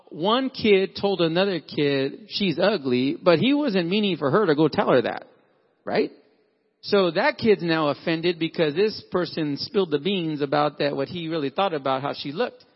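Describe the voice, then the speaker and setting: Storytelling preacher in a big echoing hall. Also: male voice, a little high. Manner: conversational storytelling, acts out quotes. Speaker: pastor. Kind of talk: sermon with personal stories. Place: church hall. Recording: dull recording in a reverberant hall.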